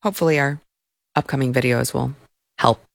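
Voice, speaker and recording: A woman's voice: very deep voice, a little fast, gravelly, no echo, studio quality. A woman hosting an opinionated commentary show, talking in a sarcastic, mocking way.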